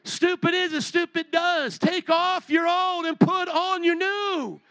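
A man's voice: extremely high pitch, fairly even intonation, slow, fairly bright tone, dry recording. A male pastor preaching a sermon from a stage with a handheld microphone, fervently firing rhetorical questions at the congregation. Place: stage in a large building.

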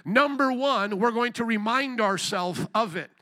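A man's voice: very high voice, lively intonation, measured pace, bright, forceful tone. A man preaching a sermon at a church service, fervent and repetitive, with rhetorical questions. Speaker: pastor.

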